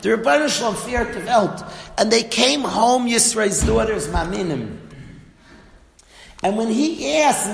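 Male Torah teacher, animated storyteller, high voice, long hall reverb. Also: unhurried, creaky. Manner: lively storytelling, acts out lines of the story.

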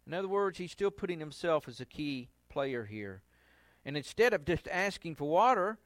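A male pastor giving a conversational Bible study sermon, acting out the quotes he reads with lively inflections. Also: fairly high pitch, moderate pace, no room sound.

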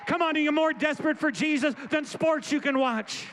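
A man's voice: very high-pitched, a little fast, fairly bright tone, a little hiss or hum. A man preaching a sermon as pastor, pleading in repetitive prayer and urging his congregation with calls of "come on". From Florida.

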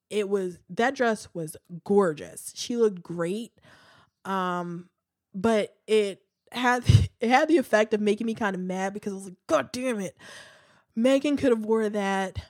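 A woman's voice: mid-range voice, no echo, clean studio sound. A woman hosting a casual, opinionated chat, full of fillers and restarts. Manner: chatty, frequent fillers and restarts.

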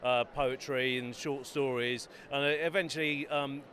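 A man from Bedford, England, an author, talks eagerly and chattily about his books in an interview in a busy trade fair hall, promoting himself with enthusiasm. His voice is medium-pitched, a bit bright and steady in tone, and he speaks a little slowly.

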